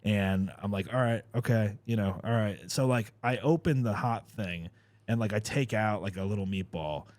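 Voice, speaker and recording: A man's voice: fairly low pitch, normal speed, darkish tone, no echo. A man hosting a podcast, telling a long rambling story full of fillers and swearing. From New Jersey. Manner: rambling, filler-heavy, profane. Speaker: podcast host. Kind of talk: casual storytelling chat.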